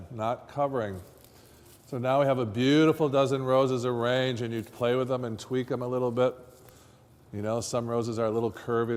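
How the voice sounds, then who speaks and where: A chatty man coaching a class through a hands-on floristry demonstration, quizzing his students as he goes. His mid-pitched voice rings with a long hall reverb, as in a workshop classroom. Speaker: floristry instructor.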